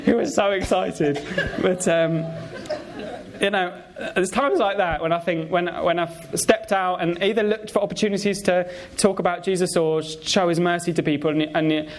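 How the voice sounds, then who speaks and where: A man preaches in a relaxed, conversational way. He pauses often and restarts his phrases, with lots of fillers. His voice sits a little higher than most men's. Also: a little hiss or hum. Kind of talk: sermon with personal stories.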